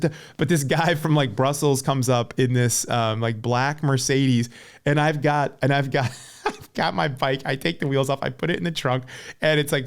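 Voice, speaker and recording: An American man in his forties, a podcast guest and former pro cyclist, chatting casually and telling stories in an animated way, full of "like" fillers. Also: medium pitch, clear, resonant tone. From United States. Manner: animated storyteller, many "like" fillers. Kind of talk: casual chat.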